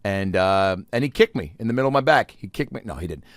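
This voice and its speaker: Male comedian, 30s, podcast host doing a solo rambling monologue, low-ish voice, dead dry sound. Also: lively intonation, fast talker, no echo. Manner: rambling, profane storytelling with acted-out quotes.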